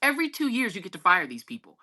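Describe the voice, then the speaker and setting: A woman's voice: huge pitch swings, fast, bright, forceful tone. A middle-aged woman, a guest journalist, talking politics in an emphatic, conversational way and calling listeners y'all. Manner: emphatic, swings pitch widely, talks to listeners as y'all.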